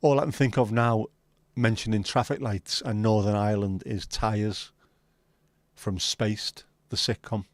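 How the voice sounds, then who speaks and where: Speaking a little slowly in a lowish, steady voice, a male livestream host chats casually with his viewers. The banter is full of swearing, and the recording has no echo.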